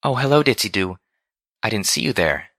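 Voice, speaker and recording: A man voicing a timid, gentle female pony who speaks meekly and stammers when upset. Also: on the low side, brisk, no echo, clean studio sound, pitched above the performer's own voice. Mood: fretful, meek. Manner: meek, faltering, stammering.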